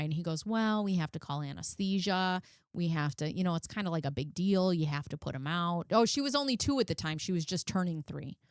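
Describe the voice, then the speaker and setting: A woman's voice: medium pitch, no room sound, clean studio sound. A woman in her forties talking casually and bluntly, swearing often as she tells a personal story on her commentary channel. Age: 40s. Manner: blunt, frequent swearing, emotional. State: close to tears.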